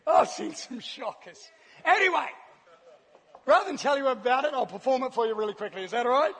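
A male guest speaker shares his personal testimony before a live audience, acting out scenes and laughing frequently. His very high voice is expressive, fairly bright and slightly rough at normal speed, with a long hall reverb.

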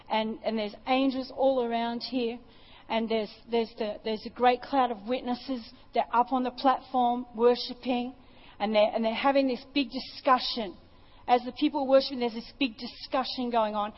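A woman's voice: fairly high pitch, fairly even intonation, normal speed, lo-fi sound. A woman preacher giving an impassioned sermon and testimony at a church service, often repeating her phrases.

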